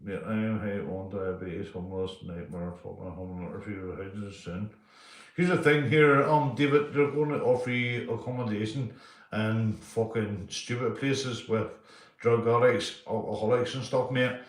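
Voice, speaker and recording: A man's voice: lowish voice, moderate pace, reverberant. A man chatting loosely on a live stream, reading out viewers' names and swearing a lot. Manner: sweary, loose, keeps saying mate. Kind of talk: casual live-stream chat.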